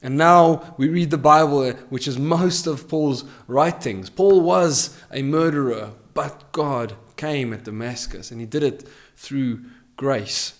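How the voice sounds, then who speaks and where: A man preaching a podcast sermon, emphatic and repeating his key phrases, swinging between loud declarations and hushed lines. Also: medium pitch, a little slow.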